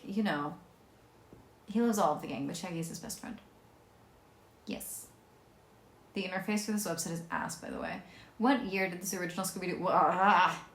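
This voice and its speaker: A woman's voice: lowish voice, fairly bright tone, echoey room, a little hiss or hum. A young woman chatting bubbly and casually in her home vlog, full of ums and little laughs. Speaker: vlogger. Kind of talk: casual chat.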